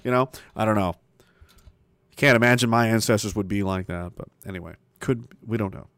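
A man ranting profanely on a casual livestream, reading out viewer comments and swinging from loud emphasis to mutters. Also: on the low side, a little fast, smooth, dry recording. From Canada.

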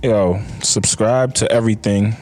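A man's voice: lowish voice, fairly even intonation, measured pace, background noise. A man co-hosting a podcast, chatting casually with blunt, profane opinions. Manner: blunt, swears freely. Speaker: podcast co-host. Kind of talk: casual chat.

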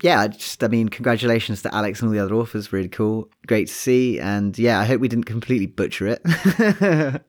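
A man co-hosting a casual science podcast, thinking aloud in a relaxed way with frequent restarts. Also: on the low side, a little fast. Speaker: podcast co-host.

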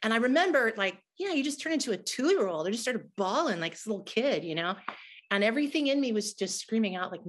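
A woman's voice: on the high side, sing-song, brisk, fairly bright tone. A middle-aged woman, a guest in an interview, telling a personal testimony in an earnest, emotional way.

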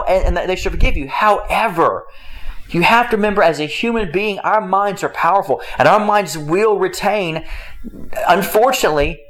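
A man's voice: a bit bright, poor audio. Emphatic man giving a marriage talk. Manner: emphatic, repeats phrases, swings pitch up and down. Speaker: marriage teacher. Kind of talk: faith-based marriage talk.

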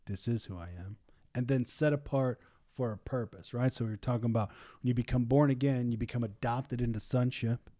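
A man leading a casual Bible study, reading scripture slowly and acting out biblical figures in lively everyday speech. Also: mid-range voice, no echo, studio quality. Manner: reads scripture slowly and deliberately.

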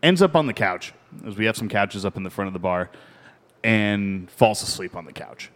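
A man's voice: on the low side, normal speed, a bit bright. A man with a Midwestern American accent, telling a story in casual podcast chat with dry humor. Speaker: podcast co-host.

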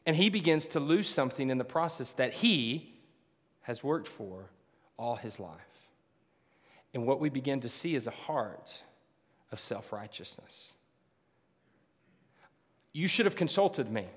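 A man preaching a sermon to a congregation, swinging between loud emphatic lines and hushed ones. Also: medium pitch, animated, unhurried, pauses often. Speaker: pastor. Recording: long hall reverb.

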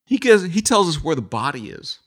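A man who spent decades as a police officer tells war stories in a relaxed interview. His pitch rises and falls a lot as he goes, and he keeps breaking into laughter and tossing in casual swearing. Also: fairly quick. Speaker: retired police officer guest.

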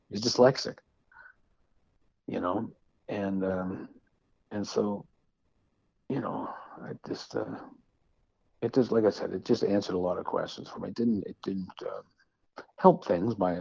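Husky-voiced man musician, rambling and halting. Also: low voice, darkish tone, no echo, muffled recording. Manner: rambling, halting restarts, self-deprecating. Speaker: musician guest. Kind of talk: casual interview conversation.

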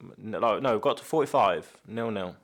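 A man who used to play football, telling stories in relaxed podcast chat with lots of fillers. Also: on the low side, moderate pace. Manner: relaxed storytelling with many fillers. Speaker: former footballer, guest.

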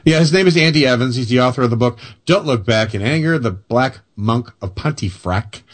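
A man's voice: mid-range voice, animated, fairly quick. A man hosting a paranormal talk show, chatting casually with lots of fillers and restarts. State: wound up on coffee. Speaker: radio show host. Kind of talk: casual chat and news reading.

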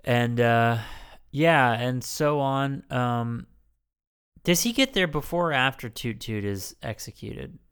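A man recapping a film on a podcast, wandering from point to point with plenty of ums and restarts. His voice comes through smooth and clear. He swears freely and keeps the chat loose. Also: medium pitch, expressive, slow pace, a bit bright. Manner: rambling, crude, many fillers and restarts. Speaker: podcast co-host. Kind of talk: casual chat.

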